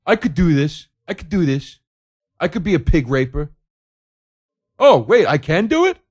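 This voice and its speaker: A man's voice: mid-range voice, brisk, natural voice. A man doing a crude, gawking TV viewer. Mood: excited. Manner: slack, crude, then excited.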